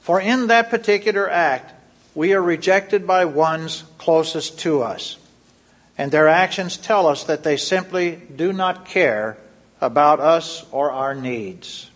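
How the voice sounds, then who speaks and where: A man reading a scripted Lenten devotion in a measured, solemn way. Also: a little high. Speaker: devotion reader.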